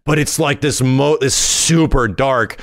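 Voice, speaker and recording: A man hosting a gaming channel, recapping a game preview in an excitable, profane way, full of fillers and hummed tunes. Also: medium pitch, unhurried. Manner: excitable and profane, with lots of fillers and sung hums.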